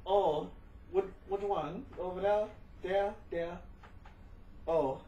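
A slow-talking man chatting at home for a home video. He coaxes and repeats himself, stammering over his words. His voice sits a little away from the camera mic, with faint room noise behind him. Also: sits high, dark tone, far from the mic, dull audio. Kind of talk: casual home video talk. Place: indoors at home.

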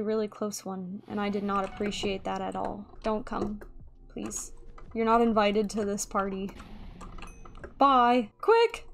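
A woman's voice: medium pitch, a little hiss or hum. A young woman giving playful, theatrical live gameplay commentary, pleading with other players as she goes. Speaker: gaming YouTuber. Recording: faint keyboard clicking behind. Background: keyboard typing and clicks.

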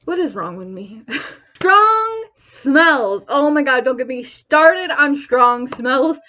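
A woman's voice: sits high, expressive, slow pace, sharp tone. A young woman vlogger rambling casually to camera, often laughing and restarting her sentences. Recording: dull lo-fi recording.

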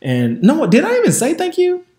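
A man's voice: very high-pitched, wildly swooping pitch, normal speed, warm tone, reverberant. A man hosting a podcast, telling a candid story in a chatty way and speaking straight to his listeners. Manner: frank, chatty, addresses listeners directly. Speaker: podcast host.

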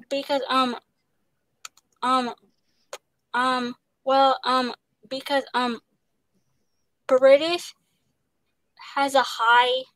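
A woman's voice: fairly high pitch, fairly bright tone, dry recording, rough recording. A young woman who stutters heavily, with many fillers and repeated words, talking about acting as a guest. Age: young adult. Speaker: guest, actor. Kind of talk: casual interview.

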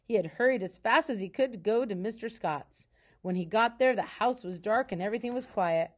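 A woman, a teacher, reading a children's novel aloud in a calm, soft storytelling voice. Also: medium pitch, a little fast.

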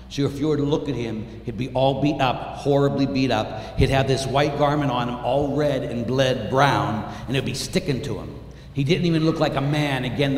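A man, a priest, preaching a dramatic sermon, telling the story with intensity and swinging from hushed tones to shouts. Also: mid-range voice. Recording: echoey hall, light room noise.

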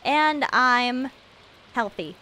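A young woman streaming a video game live, rambling and joking at herself, swinging from mumbled asides to loud excited bursts. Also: high-pitched, very slow, slight background noise. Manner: rambling, self-mocking, jumps between mumbling and loud excitement. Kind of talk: live gameplay stream chatter.

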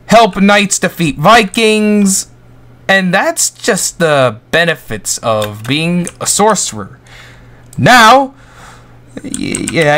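A young man casually walking viewers through a video game, rambling and goofy. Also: sits high. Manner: goofy, rambling, excitable outbursts. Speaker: gaming YouTuber. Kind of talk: Roblox gameplay tutorial commentary.

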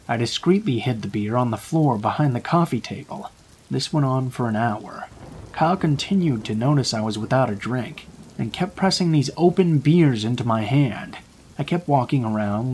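A man reading a true scary story aloud in a calm, measured storytelling voice. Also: mid-range voice, breathy edge. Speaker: narrator. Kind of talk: scripted horror story narration.

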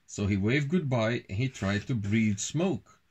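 Dad at home reading a rhyming picture book, lively and unhurried. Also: male voice, lowish voice, husky. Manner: rhythmic, sing-song rhyming delivery. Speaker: father reading a bedtime story. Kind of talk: bedtime story reading.

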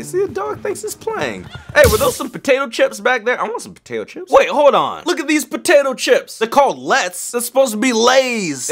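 An excitable man hosts a reaction video, chatting back at what he watches. His voice sits high and jumps around a lot. He cracks jokes and bursts into loud exclamations. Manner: jokey, talks back at the screen. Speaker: YouTube host. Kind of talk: reaction commentary.

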